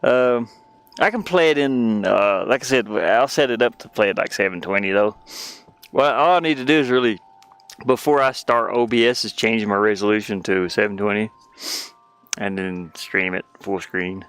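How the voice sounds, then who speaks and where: A man's voice: lowish voice, moderate pace, a bit bright, smooth. A man casually commenting while he plays his own game, rambling in mumbled asides.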